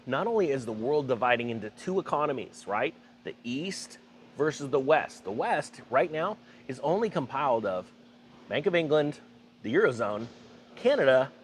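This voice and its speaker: A man's voice: fairly high pitch, slight background noise. A man hosting a finance commentary vlog, talking emphatically and sarcastically with rambling asides. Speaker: finance channel host.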